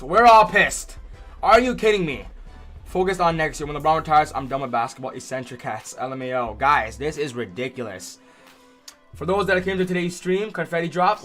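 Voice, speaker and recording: Young guy doing a live sports stream, gets worked up, reads chat out, bit of music under it. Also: on the high side. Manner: excitable, reads chat names aloud.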